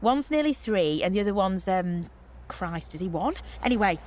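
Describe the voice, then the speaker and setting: A woman's voice: medium pitch, lively intonation, moderate pace, a little mellow, natural voice. An actress playing a brash, boozy young woman organising a party trip in a comedy radio play, cheeky and slangy.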